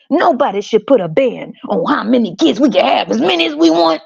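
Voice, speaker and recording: A woman's voice: fairly high pitch, expressive, brisk, vocal fry, hardly any pauses, darkish tone, husky. A woman hosting her own podcast, ranting in a blunt, profane and sarcastic way. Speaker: podcast host. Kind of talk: casual podcast rant. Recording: dull lo-fi recording.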